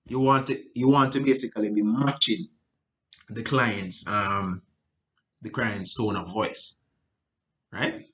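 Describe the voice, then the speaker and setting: A male sales coach talks through his techniques in a loose, conversational way. He repeats himself, tags lines with "right?", and jumps his voice high or low to act out client conversations. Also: fairly even intonation, slow pace, pauses often, a bit bright. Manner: loose, repetitive, frequent "right?" and restarts; acts out client dialogue with big pitch jumps. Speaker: sales trainer. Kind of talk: casual instructional talk.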